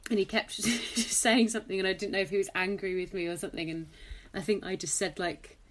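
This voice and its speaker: A woman's voice: mid-range voice, fairly quick. Woman, young adult, podcast host, casual storytelling, faint background hiss. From England. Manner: animated anecdotes with laughter.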